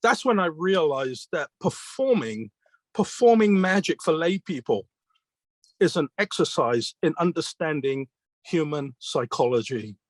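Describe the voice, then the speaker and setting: A British man with a fairly high voice for a man speaks earnestly about his craft. He tells his stories as dialogue, quoting questions and answers. His voice is close and dry, with almost no room sound. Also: animated, measured pace, dry recording. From Britain. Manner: retells mentors' advice as quoted dialogue, with questions and answers; earnest, reflective. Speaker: magician being interviewed. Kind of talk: conversational storytelling.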